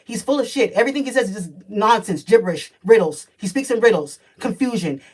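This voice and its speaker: A woman's voice: mid-range voice, lively intonation, a little fast, darkish tone, husky, far from the mic, rough recording. A woman, telling her life story in a blunt, profane, emphatic vlog as a spiritual energy reader.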